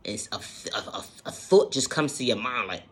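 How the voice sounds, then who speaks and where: A man's voice: medium pitch, lively intonation, fairly quick, a bit bright. A man talking casually and earnestly about self-healing, repeating his points and swearing now and then. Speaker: self-help vlogger. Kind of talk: casual motivational monologue.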